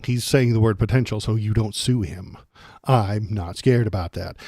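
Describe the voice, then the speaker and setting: Man, streamer host, sarcastic and profane, low voice, dark tone. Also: a little slow, no room sound. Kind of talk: ranting political commentary.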